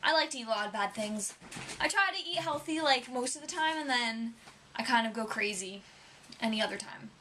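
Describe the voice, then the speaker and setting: Young female vlogger, bright tone, rambling casual chat. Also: a little high, lively intonation, brisk, a little hiss or hum. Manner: rambling, chatty, lots of "um" and "like".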